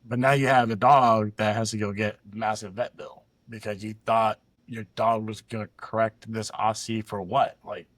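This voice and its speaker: A man's voice: on the low side, level tone, moderate pace, hardly any pauses, a bit bright, dry recording. A man co-hosting a dog training reaction show, talking bluntly and with heated exasperation. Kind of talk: reaction commentary.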